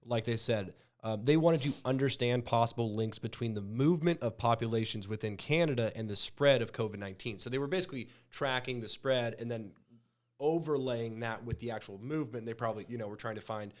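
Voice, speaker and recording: A man's voice: mid-range voice, brisk. A man hosting a casual news podcast, talking in a rambling, loose way with frequent chuckles. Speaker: host.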